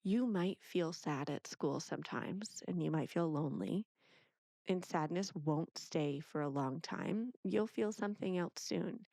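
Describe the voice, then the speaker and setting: Animated woman telling parenting stories. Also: fairly low pitch, a little slow, vocal fry, no room sound, clean studio sound. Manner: animated storyteller who acts out quoted speech. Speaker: parenting author and guest. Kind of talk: casual interview conversation.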